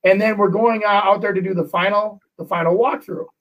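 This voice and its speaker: A middle-aged man, a real estate agent, telling a story in casual chat, animated and full of restarts. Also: high voice, a little fast, far from the mic, low-quality recording. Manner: animated, acts out quotes, many restarts.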